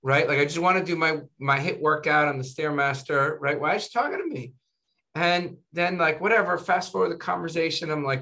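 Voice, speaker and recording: This man, a physician guest in a relaxed interview, has a fairly high, creaky voice and a brisk delivery. His storytelling is animated, studded with "right?" and "you know."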